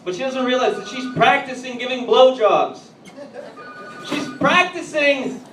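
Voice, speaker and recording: A man doing a stand-up comedy routine on a club stage, telling edgy jokes and bantering with the crowd, at times getting loud. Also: very high voice, measured pace, soft background music. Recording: echoey, distant, noisy live room.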